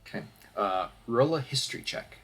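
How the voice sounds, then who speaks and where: A man narrating a tabletop game as dungeon master, relaxed and hesitant with fillers. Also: mid-range voice, normal speed, gravelly, slightly rough.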